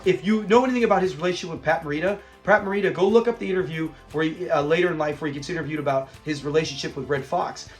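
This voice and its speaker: A man's voice: fairly high pitch, racing, few pauses, faint music behind. A middle-aged man casually reviewing a sitcom episode, retelling scenes with laughter. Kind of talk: casual commentary.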